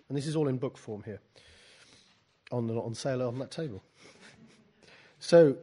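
Halting man leading a poetry workshop. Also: mid-range voice, dark tone, husky. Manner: halting, restarts and repeats words, dry wry asides. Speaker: poetry teacher. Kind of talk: workshop talk mixed with reading aloud from his own book.

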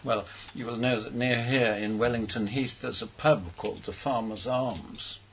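A man's voice: mid-range voice, steady tone, moderate pace, fairly bright tone, a little hiss or hum, poor audio. An older man, a poet on a panel, telling anecdotes in a hesitant way and repeating his words. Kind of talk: casual panel discussion.

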